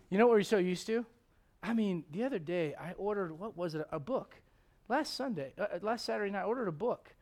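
A middle-aged man preaching a sermon to a congregation, animated and joking with the crowd, quoting God and people in playful voices. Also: sits high. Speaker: pastor. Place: church.

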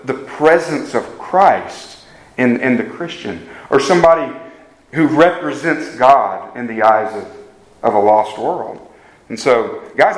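A man preaching a sermon in a conversational way, often turning to his listeners with questions. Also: fairly high pitch. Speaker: pastor. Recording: echoey room.

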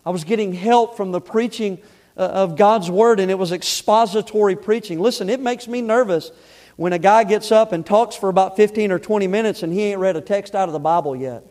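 A man with a notably high voice delivers a sermon from the pulpit of a church. His talk is folksy and plain-spoken, and it swells into loud, emphatic exhortation. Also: fairly quick. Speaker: pastor. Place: church sanctuary.

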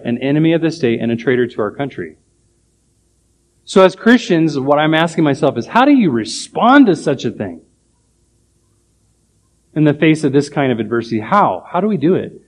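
Pastor guy preaching, kinda high voice, firm and emphatic, lots of "how do we do it?" type questions. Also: sing-song, normal speed, pauses often. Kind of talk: sermon.

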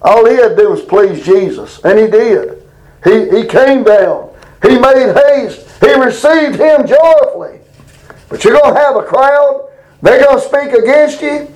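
A man preaching a plain-spoken Bible lesson. His voice sits very high for a man, and it climbs even higher when he reads verses with emphasis. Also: a little slow, rough recording. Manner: folksy, emphatic, reads scripture aloud with rising pitch. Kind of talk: informal Bible teaching.

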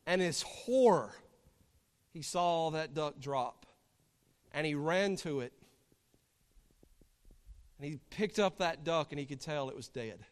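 A man with a high voice preaches a sermon, moving from gentle storytelling to fervent, emphatic appeals. His words ring out with a long hall reverb, as if from a church pulpit. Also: lively intonation, slow, long pauses. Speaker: pastor.

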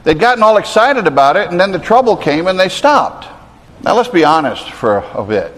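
A man's voice: sits high, very animated, normal speed, a bit bright, long reverb tail. A man preaching a sermon, earnest and conversational, building to emphatic peaks. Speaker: pastor.

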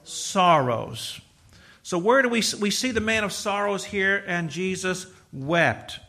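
A middle-aged man preaching a sermon, emphatic, swinging from loud exhortation to quiet, with repeated restarts. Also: high voice, expressive, slow pace.

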